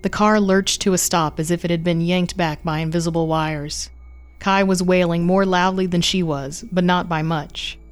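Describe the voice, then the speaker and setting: Lower-voiced woman narrating horror fiction. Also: steady tone, normal speed, faint music behind.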